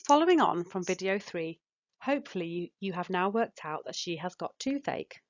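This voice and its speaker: A woman calmly narrating practical guidance for parents as a speech and language therapist, in a measured, instructive way. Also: on the low side. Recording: dull, muffled voice-over.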